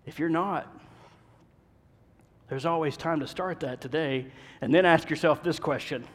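Male pastor, high voice, fervent sermon delivery swinging loud to hushed, long church reverb. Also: unhurried. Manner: impassioned, swings between loud urging and hushed asides. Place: church sanctuary.

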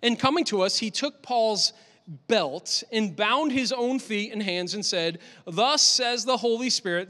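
A male pastor giving an animated, conversational sermon in a church, with lots of repetition for emphasis. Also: very high voice. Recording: long hall reverb.

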